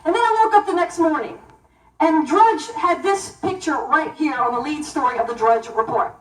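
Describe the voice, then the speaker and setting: High-voiced woman in an echoey hall. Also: normal speed, recorded from a distance. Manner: animated, emphatic storytelling. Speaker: keynote banquet speaker. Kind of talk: storytelling speech to an audience. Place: banquet hall.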